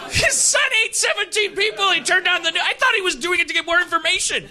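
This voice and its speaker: A man's voice: extremely high pitch, expressive, quick pace, crowd noise. A man hosting a podcast who tells a comedic story in a rambling way and laughs as he talks. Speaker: podcast host. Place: stage before a live audience. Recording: live show with audience.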